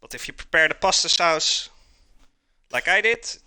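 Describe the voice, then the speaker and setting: A man's voice: fairly high pitch, lively intonation, normal speed, bright, forceful tone, no room sound. A man hosting a live cooking stream, chatting casually and calling his viewers "guys" as he cooks.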